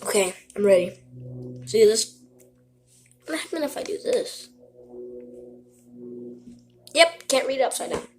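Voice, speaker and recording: A woman's voice: fairly high pitch, expressive, takes it slowly, long pauses, a little mellow, faint music behind. A woman talking to camera in a casual, rambling way, breaking off her own story and apologizing as she goes. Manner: rambling, self-interrupting, keeps apologizing. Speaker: vlogger.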